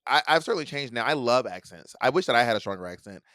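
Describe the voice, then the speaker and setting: Animated, playful man co-hosting a chat. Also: medium pitch, fast talker, no echo, studio quality. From Atlanta area, US. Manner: playful, animated, mimics accents. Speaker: podcast co-host. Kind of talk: casual chat.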